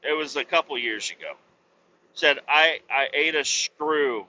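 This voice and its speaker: A man's voice: on the high side, a little slow, a little hiss or hum, low-quality recording. A man in his thirties or forties hosting his own podcast from behind the wheel, rambling and swearing through every sentence over a headset mic. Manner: swears constantly, rants loudly. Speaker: podcast host. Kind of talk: profane rambling monologue. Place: driving a truck.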